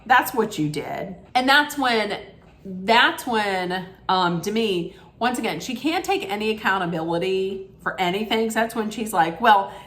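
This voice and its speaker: Slow-talking woman ranting a TV recap. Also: medium pitch, a bit bright. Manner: rambling, frequent ums and restarts, opinionated. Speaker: reality TV recap vlogger. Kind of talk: casual recap rant.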